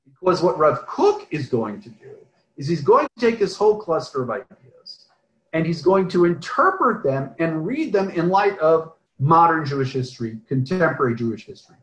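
A man's voice: a little high, very animated, moderate pace, a bit bright, echoey room, rough recording. A man teaching an online class, talking in a discursive way, often asking "right?" and trailing off with "um". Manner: discursive, often adds "right?" and "um", restarts phrases. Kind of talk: online lecture with questions from the chat. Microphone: video call.

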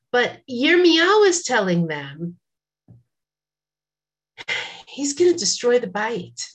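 Lady teaching a bible class, reads lines then explains, chatty asides, middle pitch. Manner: reads Hebrew verses then translates, conversational asides. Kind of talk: text study lesson.

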